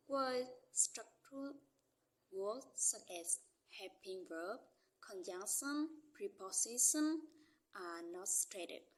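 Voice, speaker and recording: A young woman student reads her part of a class presentation. She reads slowly, with careful and steady delivery. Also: medium pitch, noisy background.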